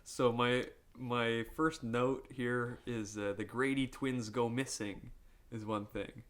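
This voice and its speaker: A man's voice: medium pitch, flat delivery, slow, fairly bright tone. A man from upstate New York co-hosting a film podcast in casual chat, rambling and profane and laughing often. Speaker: podcast co-host.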